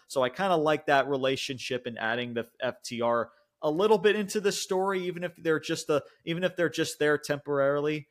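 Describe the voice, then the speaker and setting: Rambling, animated male podcast host. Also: fairly high pitch, fairly quick, few pauses. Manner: loose, rambling, peppered with fillers and swearing; animated retelling, laughs often. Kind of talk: casual wrestling recap chat.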